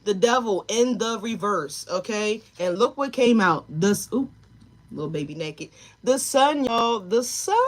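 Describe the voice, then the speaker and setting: A woman's voice: fairly high pitch, animated, a little slow. A woman giving a live tarot reading, talking straight to her viewers and chat, emotional and tearful at times. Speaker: tarot reader.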